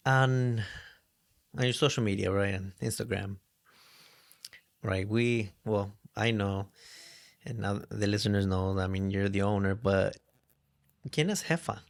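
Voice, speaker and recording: A man's voice: lowish voice, flat delivery, measured pace, vocal fry, long pauses. A man hosting an interview, asking hesitant questions and giving short encouraging replies. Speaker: interview host. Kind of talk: casual interview.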